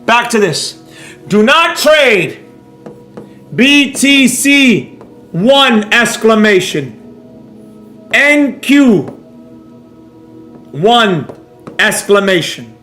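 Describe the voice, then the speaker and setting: A man's voice: sits high, big pitch swings, very slow, pauses often, pushed and bright, reverberant. A man teaching a live trading class in a brash, mocking, rambling way, with faint music behind. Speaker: trading instructor.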